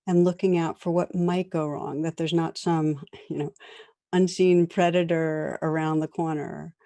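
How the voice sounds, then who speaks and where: A middle-aged woman meditation teacher gives a conversational dharma talk to a class, laughing gently as she tells stories. Her voice is low, and the recording is studio quality with no echo.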